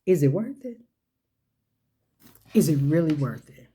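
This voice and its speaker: Woman, sermon-style motivational talk, low mellow voice, repetitive rhetorical questions, folksy phrasing. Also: lively intonation, measured pace. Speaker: speaker.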